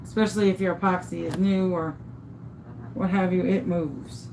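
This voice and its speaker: A crafter demonstrating epoxy tumbler making gives a casual hands-on tutorial, chatting, thinking aloud and often gushing over her work. Her voice is on the low side and gravelly, with a steady tone and moderate pace, and there's background noise.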